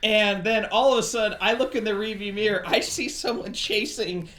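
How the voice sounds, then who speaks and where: A man's voice: sits high, normal speed, pushed and bright. A man co-hosting a podcast, casually telling stories among friends and acting out their voices. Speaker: podcast co-host.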